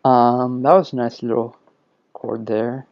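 Male podcast host, self-deprecating and rambling, unhurried delivery, dull lo-fi recording. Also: medium pitch, little pitch movement, very noisy. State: sleepy. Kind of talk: casual solo live podcast. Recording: lo-fi dull audio.

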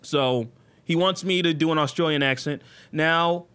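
A man hosting a casual live stream chat, excitable and jokey, often jumping into goofy high-pitched bits. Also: normal speed, clear, resonant tone. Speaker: stream host.

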